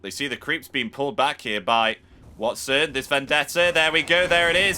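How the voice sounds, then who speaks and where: A man casting a live esports match play-by-play, building from steady calls to shouted excitement at the big plays. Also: mid-range voice, moderate pace, over music. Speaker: esports caster. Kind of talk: live game play-by-play commentary.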